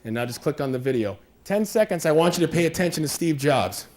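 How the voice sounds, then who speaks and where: A man's voice: fairly high pitch, animated, fast talker, darkish tone. A man giving a conversational workshop presentation, acting out little scenes with quoted voices as he explains. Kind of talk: live workshop talk.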